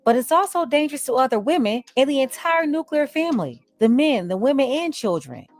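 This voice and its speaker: A woman's voice: high voice, very animated, fairly quick, dry recording. A woman delivering firm, lecturing opinion commentary. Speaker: online commentator. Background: faint music.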